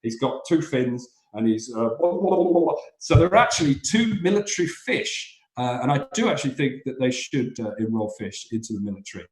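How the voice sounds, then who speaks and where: A man's voice: mid-range voice, animated, a little fast, hardly any pauses. A man teaching stand-up comedy, explaining how jokes work and acting out silly little voices. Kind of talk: explaining joke structure, live online session. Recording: echoey room.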